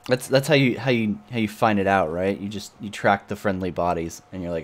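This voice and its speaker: A man's voice: on the low side, steady tone, fairly quick, few pauses. A man streaming a game, talking casually to himself, swearing freely, laughing and groaning at what he finds. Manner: swears freely, mutters to himself while playing; laughs often, groans at bad loot. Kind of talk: casual gameplay commentary.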